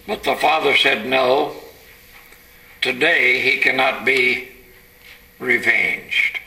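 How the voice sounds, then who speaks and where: A man preaching a sermon, telling the story dramatically and building to shouted climaxes. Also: medium pitch, steady tone, slow pace, rough recording.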